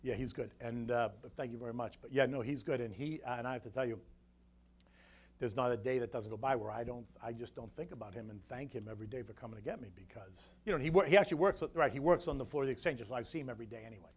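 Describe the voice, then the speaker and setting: A man from the United States, a floor broker speaking as guest, telling a story in a rambling, animated way that repeats his words. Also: medium pitch, quick pace, husky. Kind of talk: casual emotional storytelling talk.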